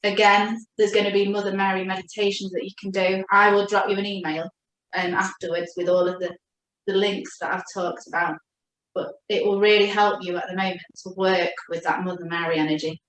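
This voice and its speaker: A woman giving a gentle, reassuring spiritual chakra reading as a coach. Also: medium pitch, level tone. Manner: gentle, reassuring, speaks slowly when addressing her guide. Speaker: oracle card reader and coach. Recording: echoey room.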